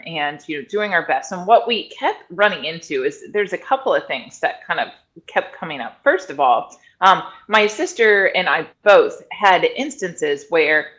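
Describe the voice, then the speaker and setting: Animated woman telling a story. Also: lowish voice, poor audio. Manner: animated storyteller, acts out quoted people in raised voices. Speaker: guest, functional medicine director and former doula. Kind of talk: conversational interview storytelling.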